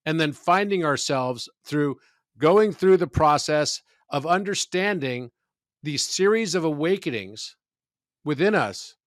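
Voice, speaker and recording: A man who is a podcast guest, talking in a measured, reflective way about spiritual ideas and telling stories. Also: on the high side, a bit bright, no echo, studio quality. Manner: measured, storytelling, philosophical.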